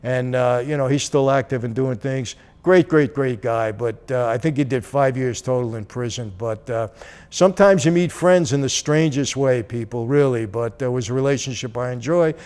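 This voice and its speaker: A man with a middle-range voice tells a personal story in a casual, animated way. He acts out the dialogue as he talks, like he's chatting to his viewers. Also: mid-range voice, moderate pace, clean tone. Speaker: channel host.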